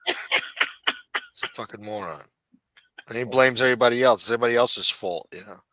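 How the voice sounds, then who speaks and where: A man's voice: medium pitch, moderate pace, pushed and bright, no echo, rough recording. A man chatting on a livestream as a guest, laid-back and full of fillers, often trailing off into mumbles. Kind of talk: casual livestream chat.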